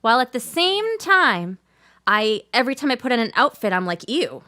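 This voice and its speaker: A woman with a high, bright, ringing voice chats casually between songs. Her pitch swings widely and she laughs easily. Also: very animated, clear, resonant tone. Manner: chatty, quick to laugh. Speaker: singer-songwriter.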